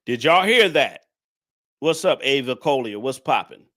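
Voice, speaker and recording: A man's voice: medium pitch, lively intonation, a little slow, bright, forceful tone. A man hosting a reaction commentary, lecturing viewers and repeating his points in a preachy way. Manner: addresses the audience directly. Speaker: commentary host.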